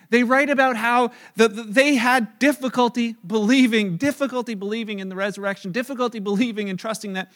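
Animated high-voiced preacher man. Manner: animated storytelling, acting out quoted voices. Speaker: pastor. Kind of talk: sermon.

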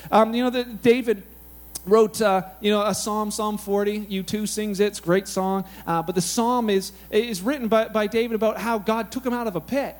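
Man, pastor, very high voice, casual animated sermon, conversational storytelling. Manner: animated, conversational, frequent "like" and "you know".

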